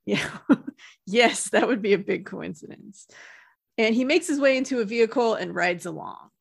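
A woman's voice: fairly high pitch, moderate pace, gravelly, slightly rough, dry recording, clean studio sound. A woman co-hosting a podcast, casually retelling a TV episode and often laughing. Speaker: podcast co-host recapping a TV episode. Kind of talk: casual chat.

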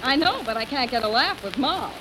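A woman with a high, bright voice trading breezy, quick-witted lines as the guest in a 1940s radio comedy. Faint hiss from the old broadcast recording sits under her voice. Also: sing-song. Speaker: guest star.

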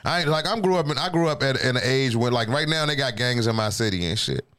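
A man's voice: medium pitch, expressive, quick pace, a bit bright, smooth. A middle-aged man from the D.C. area with a DMV accent, hosting a podcast in rambling, profane casual chat and laughing often. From Washington, D.C. area. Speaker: podcast host.

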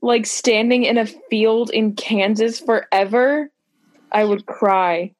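A woman's voice: fairly high pitch, takes it slowly. A young woman in casual podcast chat, joking with short interjections.

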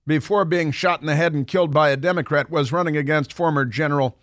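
A man's voice: a little high, fast, fairly bright tone, dry recording, studio quality. A man hosting a talk radio show, commenting in a sarcastic, mocking way with frequent restarts.

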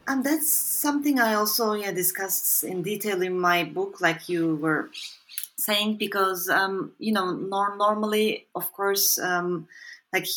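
A woman's voice: medium pitch, a little slow, a bit bright, a little hiss or hum. Hesitant, thoughtful woman researcher. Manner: thoughtful, hesitant, many fillers and restarts. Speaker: author and researcher guest. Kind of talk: conversational interview answer.

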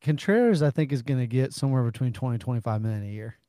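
A man's voice: medium pitch, lively intonation, very fast, dark tone, dry recording, clean studio sound. A man co-hosting a casual sports podcast, earnest and analytical like a fan crunching numbers. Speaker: podcast co-host.

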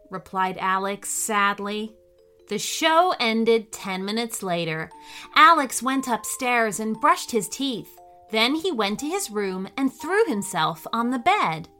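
A woman hosting a children's story podcast, reading an adventure story in a cheerful, animated way. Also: mid-range voice, takes it slowly, soft background music.

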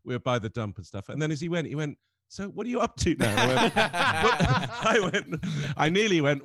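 An English man telling funny stories in casual chat, animated and often laughing as he talks. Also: a little high, a little fast, dry recording, clean studio sound. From England. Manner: animated storyteller, laughs through his stories. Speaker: comedian guest.

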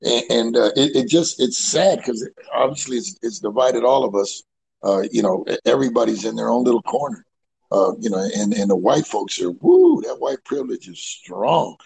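Raspy, lively man hosting a comedy show. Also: mid-range voice, moderate pace, rough recording. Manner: loud laughing, stammering repeats, crude jokes. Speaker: podcast host. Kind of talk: casual comedy chat. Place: outdoors. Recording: live call-in podcast.

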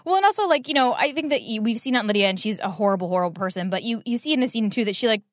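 A woman's voice: on the high side, rapid-fire, dry recording, studio quality. A woman co-hosting a podcast, recapping a TV episode in casual chat with lots of fillers. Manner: rambling, filler-heavy, animated retelling. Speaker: podcast co-host.

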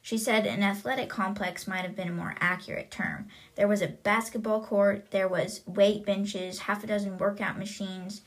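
A woman's voice: mid-range voice, fairly even intonation, moderate pace, few pauses. A young woman hosting a podcast, casually retelling a book's plot in a chatty way with many fillers. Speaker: podcast host.

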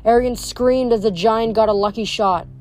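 A woman reading chapters of a novel aloud, measured, with occasional small stumbles over words. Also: fairly high pitch, fairly even intonation, a little mellow, soft background music. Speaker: audiobook reader.

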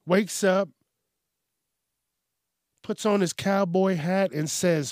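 A man's voice: high-pitched, fairly even intonation, slow, pauses often, no echo, studio quality. A man casually riffing on news stories, laughing often, swearing, and rambling. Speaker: news commentary host. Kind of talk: casual comedic news commentary.

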